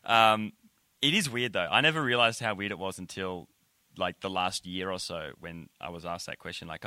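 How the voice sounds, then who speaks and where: A man's voice: low-pitched, moderate pace, sharp tone, no echo. A man hosting a casual podcast interview, talking in a loose, rambling way full of filler words. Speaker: podcast host.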